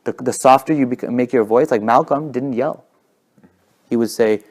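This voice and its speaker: Fast, animated man telling stories. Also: mid-range voice. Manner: fast-talking, animated, drops to whispers for effect. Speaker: guest speaker. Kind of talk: casual storytelling talk.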